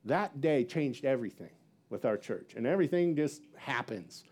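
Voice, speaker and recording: Animated pastor man with lively pitch. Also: normal speed. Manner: animated, acts out quotes with big pitch jumps; rambling with many fillers and self-laughs. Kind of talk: sermon storytelling.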